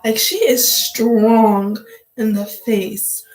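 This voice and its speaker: A woman's voice: on the high side, fairly even intonation, very slow, darkish tone, echoey room, poor audio. A woman vlogger giving casual gossip commentary, blunt, profane and joking, full of "like" fillers.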